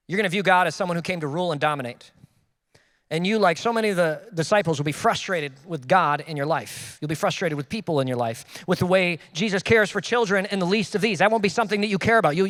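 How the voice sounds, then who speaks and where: A man preaching a sermon as a pastor, with sudden loud emphases and self-deprecating asides. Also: sits high, long reverb tail.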